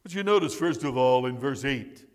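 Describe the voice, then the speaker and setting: A man's voice: mid-range voice, lively intonation, normal speed. A man preaching a sermon as pastor, stressing and repeating key words for emphasis. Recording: long reverb of a large hall.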